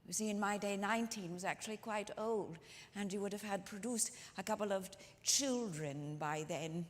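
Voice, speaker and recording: A woman's voice: medium pitch, normal speed, close to an everyday voice. A woman storyteller playing the ghost of a 19th-century woman author, speaking theatrically to a live audience with lingering emphasis. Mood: earnest. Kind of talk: one-woman historical storytelling performance. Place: church sanctuary with live audience. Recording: long reverb of a large church hall.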